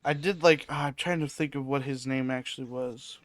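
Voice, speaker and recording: A man's voice: medium pitch, fairly even intonation, a little fast, no echo. A man co-hosting a casual film podcast, easygoing and thinking aloud with hesitant restarts. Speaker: podcast co-host.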